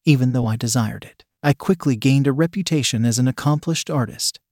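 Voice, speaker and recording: An audiobook reader, a man with a mid-range voice, reads a first-person story aloud in a measured, even storytelling manner. The recording is studio quality with no echo.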